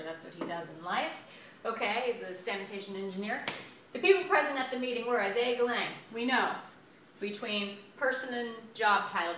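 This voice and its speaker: A woman's voice: medium pitch, bright, forceful tone, recorded from a distance, slight background noise. A woman teaching a grammar lesson in a chatty, upbeat way, stretching out words as she writes them on the board. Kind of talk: classroom lesson at a whiteboard. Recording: echoey room, voice a bit off-mic.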